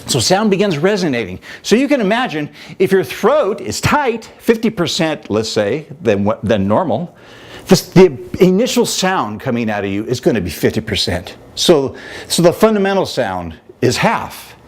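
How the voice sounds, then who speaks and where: Animated male vocal coach. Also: on the high side, normal speed. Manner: animated, demonstrative, conversational teaching. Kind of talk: instructional talk with vocal demonstrations.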